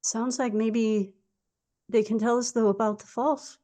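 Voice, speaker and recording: A woman's voice: a little high, steady tone, a little slow, warm tone. A woman playing a tabletop role-playing game, talking in character in an earnest, rambling way full of fillers. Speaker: player.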